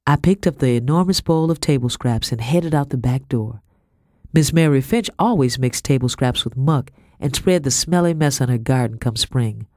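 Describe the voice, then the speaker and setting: A man giving steady, measured scripted narration of an audiobook. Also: medium pitch, dry recording, studio quality.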